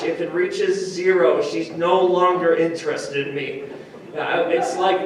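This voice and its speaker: A young man doing a stand-up comedy set before a live audience, self-deprecating and rambling, with restarts and quick switches into other voices. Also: high-pitched. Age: young adult. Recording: echoey room, far from the mic.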